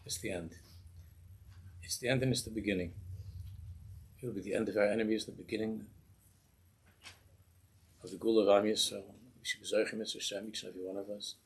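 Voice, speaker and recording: A man's voice: fairly low pitch, fast, long pauses, slightly rough. A man, a rabbi, giving a sermon in a synagogue and telling a story, acting out the voices in it. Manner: animated storytelling, acts out voices in the tale.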